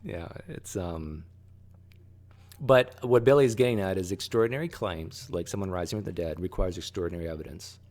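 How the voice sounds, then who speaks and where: A man hosting a casual discussion, animated and halting, often restarting sentences. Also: low voice. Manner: animated, rises sharply when pressing a point; halting, frequent restarts and fillers. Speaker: host.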